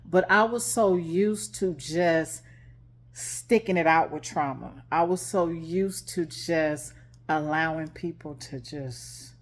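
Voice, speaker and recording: A woman with a low, grounded voice shares a personal story with her followers, candid and unpolished. She talks casually into a self-filmed phone camera, full of small fillers and restarts. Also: slow. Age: adult with grown children. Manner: frank, conversational, many fillers. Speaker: life and relationship coach.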